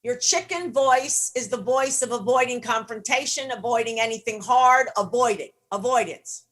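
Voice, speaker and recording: A woman's voice: fairly high pitch, moderate pace, a bit bright. A middle-aged woman coaching on leadership, teaching in a blunt, emphatic way with casual swearing. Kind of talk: motivational teaching session.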